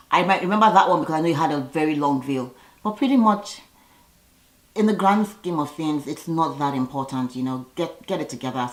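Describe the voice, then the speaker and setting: Sassy low-voiced woman recapping TV. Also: reverberant, rough recording. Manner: chatty and sassy, quick asides. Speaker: reality TV recap vlogger. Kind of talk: casual recap commentary.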